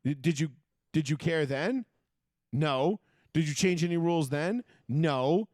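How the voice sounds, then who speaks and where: Sports talk co-host, male, swearing and worked up; slightly higher pitch, very dry sound. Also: measured pace, dry recording. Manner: profane, ranting, animated. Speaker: podcast co-host. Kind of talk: casual sports chat.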